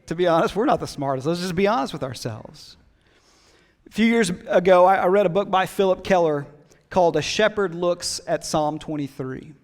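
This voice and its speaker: A man's voice: high-pitched, moderate pace, in a large hall. A man preaching a sermon as pastor, conversational and emphatic, with casual asides. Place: church hall.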